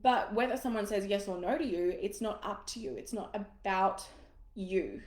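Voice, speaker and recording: A woman coaches business owners through a live online masterclass. She talks in a casual, frank and encouraging way and swears now and then. Her voice sits at a middling pitch and carries a roomy echo. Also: normal speed, a little mellow.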